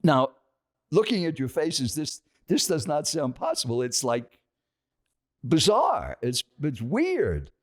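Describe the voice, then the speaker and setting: An older man, a podcast guest, telling an animated story and questioning his listeners. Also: a little high, slow.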